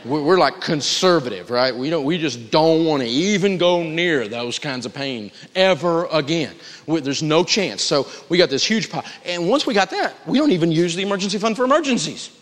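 A man's voice: a little high, expressive, moderate pace, hardly any pauses, fairly bright tone. A man teaching personal finance to a live audience, emphatic, humorous and folksy as he tells stories. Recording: reverberant lecture hall.

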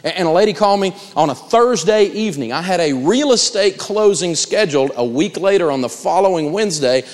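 A man's voice: high voice, brisk. Man teaching negotiation in an echoing hall. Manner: animated storytelling, acts out quotes. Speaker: negotiation speaker. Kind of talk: live seminar talk.

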